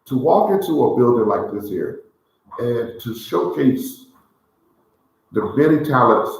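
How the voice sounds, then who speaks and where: A man's voice: medium pitch, lively intonation, unhurried, gravelly. Rambling man in a very echoey room. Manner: rambling, repeats "let me say it like this here". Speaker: cigar show host. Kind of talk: casual heartfelt talk. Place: large indoor room in a historic building.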